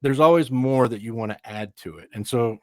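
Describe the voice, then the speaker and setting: A man's voice: mid-range voice, a little fast, no echo. A man from Texas with a Texan twang, a guest in a casual interview, telling stories in an easygoing way with chatty asides. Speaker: guest, veteran and author.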